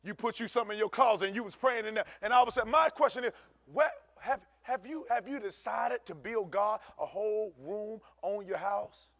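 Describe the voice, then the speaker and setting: Man, pastor, lively sermon, shouts then drops low, high voice, dry sound. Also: fairly quick, vocal fry, no room sound. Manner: animated preaching, swings from shouting to low asides; conversational, uses African American Vernacular English. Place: church.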